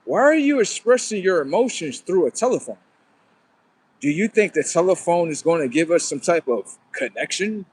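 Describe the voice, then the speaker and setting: Male livestream host, higher than usual voice, loose and profane, rambling and preachy. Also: sing-song, moderate pace, a little mellow, slightly rough. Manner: profane, rambling, talks back to viewers. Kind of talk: casual livestream monologue.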